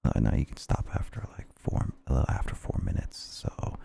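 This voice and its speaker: A man in a whispered role-play, playing a soft-spoken ASMR whisperer, slow and close to the mic. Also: rumbling low, sing-song, vocal fry, a little hiss or hum, voice pushed down, full character voice. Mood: hushed.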